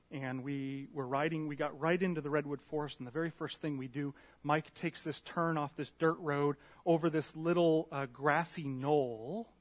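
A man preaching a sermon in a church room, telling a story in an animated, self-deprecating way. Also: a little high. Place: church meeting room with a slide screen.

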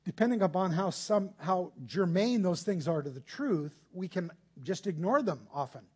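A man's voice: high-pitched, animated, moderate pace, husky. A man preaching a conversational sermon, explaining patiently and putting rhetorical questions to his listeners.

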